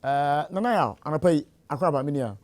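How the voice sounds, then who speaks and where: A man's voice: fairly high pitch, animated, fairly quick, darkish tone. A man with a Ghanaian accent hosting a radio talk show, asking probing questions and mixing Twi with English.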